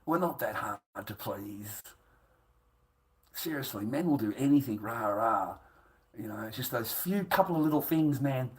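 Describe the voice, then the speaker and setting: Man, coarse rant to camera, mid pitch, lots of swearing and repetition. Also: expressive, normal speed, low-quality recording. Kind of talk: ranting monologue to camera.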